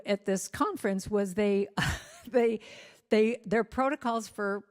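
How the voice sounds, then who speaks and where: A middle-aged woman speaker tells a personal story with candid, self-mocking humor. Her voice sits at an ordinary pitch and drops soft and quiet for gentle words. A long reverb trails her in a large hall. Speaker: reverend and singer-songwriter.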